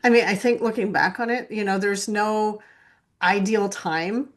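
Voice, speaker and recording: Woman podcast host, mid pitch, upbeat, quick to laugh, playfully self-deprecating. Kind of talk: casual podcast interview.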